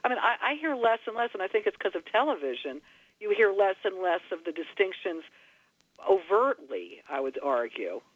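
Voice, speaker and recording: A man, a radio guest, talking in a halting, lively way and correcting himself. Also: high-pitched, dry recording. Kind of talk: casual radio conversation. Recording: thin phone-like radio line.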